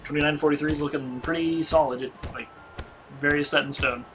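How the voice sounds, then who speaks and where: A man's voice: a little high, fairly even intonation, brisk, fairly bright tone, faint music behind, poor audio. A man streaming a game, testing a weapon and muttering damage numbers in casual commentary from a home setup.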